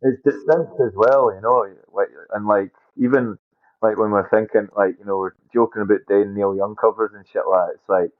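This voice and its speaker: A man's voice: lowish voice, fairly even intonation, moderate pace. A man with a Glaswegian accent chatting bluntly and offhandedly in an interview, with casual swearing. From Scotland. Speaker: band member. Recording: tinny phone-line sound.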